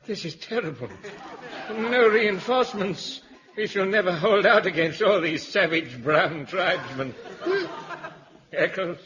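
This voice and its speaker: A man's voice: high voice, unhurried, sharp tone, some chatter behind. A man voicing a blustering, boozy old army major in 1950s radio comedy. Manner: blustery, bombastic. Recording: dull 1950s radio broadcast with studio audience laughter.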